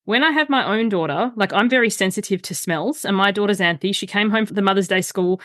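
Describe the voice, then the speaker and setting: A middle-aged woman chats on a podcast as a guest coach. She tells stories with lots of energy and slips into the voices of the people she quotes. Her voice sits at an ordinary pitch, and the sound is dry and close. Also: fast talker, dry recording. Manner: animated storyteller, acts out quoted voices. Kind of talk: casual podcast chat.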